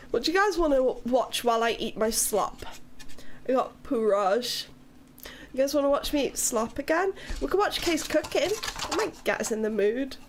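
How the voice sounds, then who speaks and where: Welsh woman streamer, young adult, high-pitched and slow-paced, playful and teasing with a casual foul mouth. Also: a little hiss or hum. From Wales. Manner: playful, teasing, swears freely. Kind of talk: casual live-stream chat with viewers.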